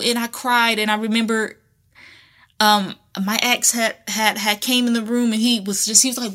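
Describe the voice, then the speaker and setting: Woman podcast host, conversational and frank, bright clear voice. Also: a little high, little pitch movement, moderate pace. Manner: candid and conversational, with colloquial phrasing and frequent restarts. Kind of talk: casual personal talk.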